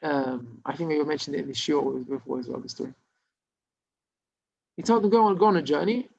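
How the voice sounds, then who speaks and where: A man's voice: a little high, fairly quick, vocal fry. A man, a rabbi, telling a story in an informal Torah class, with many restarts and Hebrew terms. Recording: dull lo-fi recording.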